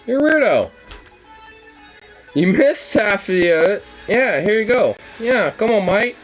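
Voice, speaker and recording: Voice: mid-range voice, sing-song, slow, faint music behind, poor audio. A dog owner chatting casually to their pet dog, teasing it playfully in baby talk with swearing and laughter.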